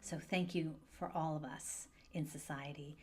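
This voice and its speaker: Calm, gentle woman giving parenting advice. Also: deep voice. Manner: calm, gentle, measured and reassuring. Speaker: divorce and parenting coach. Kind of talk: direct-to-camera advice video.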